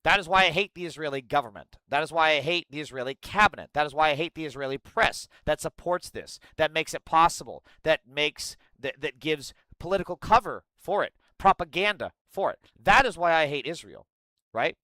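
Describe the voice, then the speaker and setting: A man's voice: a little high, expressive, a little fast, sharp tone, no echo. A man giving heated political commentary, blunt, profane and angry.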